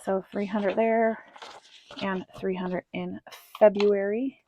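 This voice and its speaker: Woman doing a chill budget vlog, lots of ums, mumbles while counting bills, mellow voice. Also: mid-range voice, steady tone, slow pace, muffled recording, slight background noise. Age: adult with children. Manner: rambling with many ums, counting bills under her breath. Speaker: budgeting vlogger. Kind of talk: casual cash-stuffing walkthrough.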